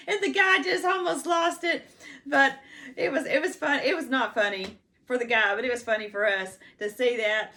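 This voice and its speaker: A woman in her fifties with a slightly high voice tells her life story in a loose, meandering way. She fills her sentences with "you know," trips over restarts and stops to glance at her written notes. The talk is unscripted and homespun. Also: fairly even intonation, normal speed, pushed and bright. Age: 50s. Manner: rambling, heavy use of "you know" and restarts; checks written notes between stories. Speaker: personal storyteller. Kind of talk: casual life-story monologue.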